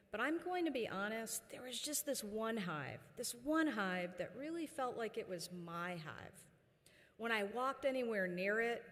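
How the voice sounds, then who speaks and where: A woman giving a commencement address as university chancellor, telling a personal story with fillers and pauses. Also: medium pitch. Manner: warm storytelling with frequent fillers. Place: large indoor ceremony hall. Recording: long reverb of a large ceremony hall.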